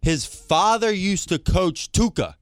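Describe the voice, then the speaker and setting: A man, co-hosting a casual chat show, teasing his partner with quick jokes. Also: sits high, animated, dry recording. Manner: wisecracking, teasing, laughs at partner's stories. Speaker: podcast co-host.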